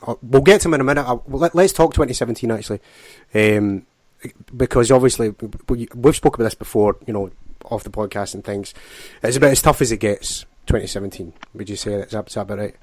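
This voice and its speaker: A man's voice: medium pitch, quick pace, no echo. A man hosting a podcast interview, teasing his guest in matey banter.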